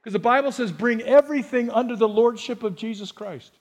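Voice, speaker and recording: A man preaching a sermon as pastor, animated and acting out little scenes and voices for his congregation. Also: very high-pitched, a little fast.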